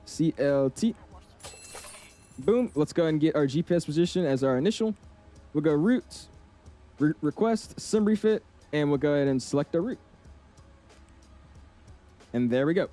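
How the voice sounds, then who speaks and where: A man's voice: fairly high pitch, dark tone. A man live-streaming a flight sim in a casual, slangy way, calling his viewers man and dude as he chats with them. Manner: laid-back, slangy, keeps calling the chat "man" and "dude".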